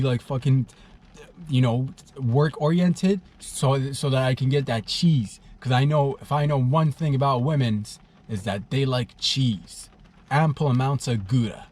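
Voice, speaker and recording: Young male comedy podcast host, solo, crude and rambling, mid-pitched voice. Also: a little mellow. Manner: crude, rambling, loses his train of thought.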